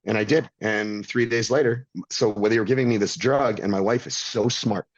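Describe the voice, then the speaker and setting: A man's voice: lowish voice, fairly even intonation, moderate pace, dry recording, dull audio. A middle-aged man telling a blunt, intense personal story as a podcast guest, swearing freely. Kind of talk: candid storytelling.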